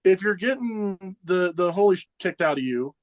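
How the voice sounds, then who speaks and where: A professional wrestler in his forties, guesting on an interview, casually shares backstage stories with a high, animated voice at a moderate pace. He chuckles often and acts out other people's lines.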